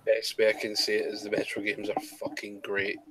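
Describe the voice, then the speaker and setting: A Scottish man chatting casually as co-host of a gaming talk show. His talk is relaxed and peppered with swearing, easy-going banter between friends. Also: fairly low pitch, a little fast. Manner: sweary, laid-back banter. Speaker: podcast co-host. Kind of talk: casual chat.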